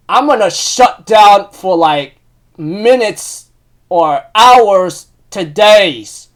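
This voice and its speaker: Excitable high-voiced man recapping anime. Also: a little slow. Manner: rambling, emotional, many fillers and restarts; bursts into loud excited outbursts. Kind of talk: casual spoken recap.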